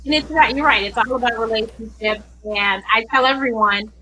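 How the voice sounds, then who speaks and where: Bright-voiced woman host. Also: on the high side, a little fast, poor audio. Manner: chatty, relaxed storytelling. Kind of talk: casual interview chat.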